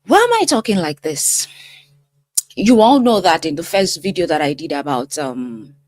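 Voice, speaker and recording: A middle-aged woman hosting her own channel as a life coach, talking straight to viewers in an expressive, emphatic way. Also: deep voice, moderate pace, no room sound. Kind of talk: casual commentary to camera.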